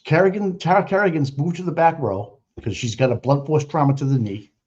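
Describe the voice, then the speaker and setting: A man's voice: fairly high pitch, fairly quick, a little mellow, slightly rough. A man hosting a livestream, giving mocking, profane running commentary on trial footage. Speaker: livestream host. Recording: muffled lo-fi audio.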